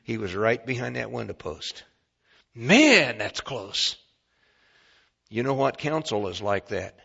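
A man preaching a sermon as pastor, emphatic and swinging between quiet and loud. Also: lowish voice, moderate pace, creaky, breathy edge. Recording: dull lo-fi recording.

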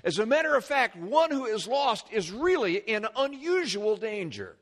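A male pastor preaching a sermon, animated, with restarts and repeated words and side remarks to the congregation. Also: high-pitched, normal speed.

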